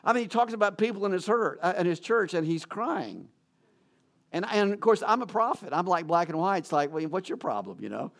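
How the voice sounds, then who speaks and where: Guy pastor preaching, high-ish voice, chatty and jokey, lots of restarts. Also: quick pace, hardly any pauses, fairly bright tone. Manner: conversational preaching with self-deprecating jokes and frequent restarts. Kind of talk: sermon.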